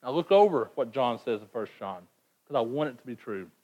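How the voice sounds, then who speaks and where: A man's voice: medium pitch, lively intonation, a little fast, mellow. A man preaching a sermon in an earnest, emphatic way, often repeating words as he presses a point. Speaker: pastor.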